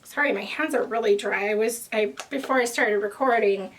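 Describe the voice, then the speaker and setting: A woman's voice: fairly high pitch, moderate pace, a little hiss or hum. A young woman hosting her knitting video podcast, chatting casually and a little out of breath, rambling through tangents. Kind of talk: casual chat to camera.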